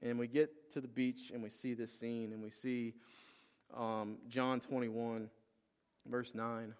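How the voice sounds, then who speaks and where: A man preaching a sermon, retelling a Bible story with lively acted-out lines and rising energy. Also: mid-range voice, slow, smooth. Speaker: pastor.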